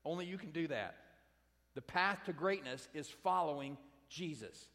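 A man's voice: fairly high pitch, expressive, normal speed, a bit bright. A pastor preaching a sermon to his congregation, emphatic and direct, repeating his key phrases. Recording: long hall reverb.

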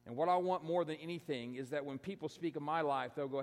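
A man preaching a sermon in a conversational way, often restarting words and dropping his voice low to make a point. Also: fast, long reverb tail. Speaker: pastor.

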